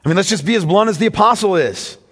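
A man's voice: high-pitched, expressive, fast talker, fairly bright tone, slightly rough, long reverb tail. A man preaching a sermon as pastor, emphatic and teaching, often asking the congregation questions.

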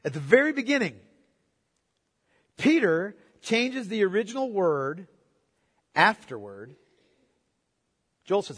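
A man preaching a sermon with emphatic delivery. He repeats key words and moves between loud proclamation and quiet, intimate asides. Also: sits high, big pitch swings, unhurried, pauses often, slightly rough. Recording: long hall reverb.

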